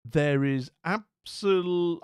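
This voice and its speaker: A man's voice: fairly high pitch, extremely slow, clean tone, dry recording, studio quality. A man streaming casually, rambling and bemused as he talks to viewers, with many restarts and asides. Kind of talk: casual live-stream commentary.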